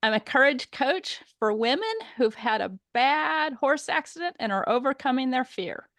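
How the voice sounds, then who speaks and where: A woman's voice: high-pitched, normal speed, fairly bright tone, no room sound, clean studio sound. A woman guest, a courage coach, telling a funny story on a video call and laughing often as she goes.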